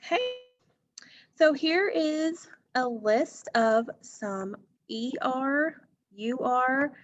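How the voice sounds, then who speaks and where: Woman teacher, phonics lesson, slow and patient delivery, fairly high voice, dull lo-fi sound. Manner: slow, patient, asks the class questions.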